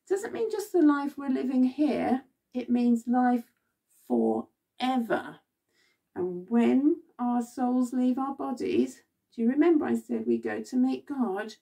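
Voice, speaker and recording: A woman's voice: a little high, takes it slowly, creaky, warm tone, breathy edge, distant mic. A woman leading a children's Bible club, telling the story expressively and asking the children questions.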